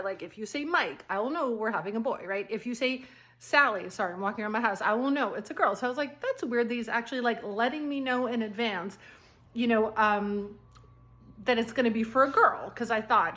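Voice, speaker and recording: A middle-aged woman telling a personal story casually at home, acting out the lines of others as she goes. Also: a little high. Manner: animated, acts out quoted dialogue. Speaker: vlogger. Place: at home, walking around the house.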